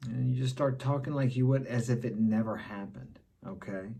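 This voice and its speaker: A man's voice: medium pitch, normal speed, gravelly, warm tone, husky. A middle-aged man giving blunt dating advice in a casual monologue, repeating his key points.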